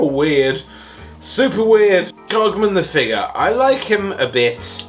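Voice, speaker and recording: A man rambles through a toy review after too many shots, tipsy and hiccuping. His fairly high voice drags along slowly, then leaps into sarcastic yelps before sinking to mumbles. Faint music plays underneath. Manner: excitable, sarcastic, swinging between yelps and mumbles.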